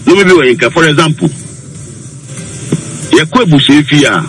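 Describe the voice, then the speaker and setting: A man's voice: a little high, animated, normal speed, a bit bright, faint music behind, rough recording. A man, a counselor on a radio talk show, giving earnest, preachy advice and mixing English with Twi.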